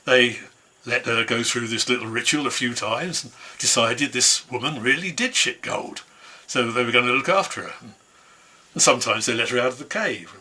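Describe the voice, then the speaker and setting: Husky male folk storyteller. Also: medium pitch, normal speed, bright, forceful tone. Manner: easygoing, conversational telling. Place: home, online concert.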